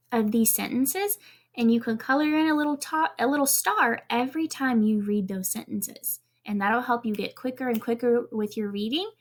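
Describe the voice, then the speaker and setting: In a video lesson, a kindergarten teacher spells out letters one at a time for young children. Her voice is on the high side, and she sounds encouraging and clear.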